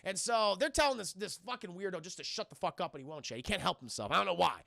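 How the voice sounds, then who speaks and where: A man excitedly recapping a film scene by scene for his live chat, swearing freely and talking straight to the viewers. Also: high-pitched, fast talker, vocal fry, no room sound, clean studio sound. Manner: excitable, profane, keeps addressing chat. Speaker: streamer reviewing a film.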